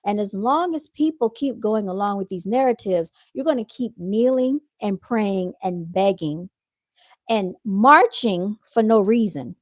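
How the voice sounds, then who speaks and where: A woman's voice: medium pitch, lively intonation, unhurried, no echo. Emphatic woman giving opinionated commentary. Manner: emphatic, repeats points, addresses viewers directly. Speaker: commentary vlogger.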